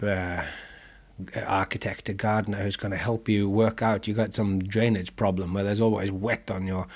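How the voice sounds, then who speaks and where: A man with a fairly low voice hosts a reflective podcast monologue. He muses aloud in a meandering way, with frequent fillers and restarts. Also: a little mellow. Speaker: podcast host.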